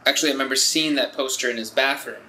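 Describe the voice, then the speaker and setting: A man's voice: medium pitch, racing, sharp tone, a little hiss or hum, rough recording. A young man co-hosting a podcast, blunt and opinionated as he rants in casual chat. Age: young adult. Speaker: podcast co-host.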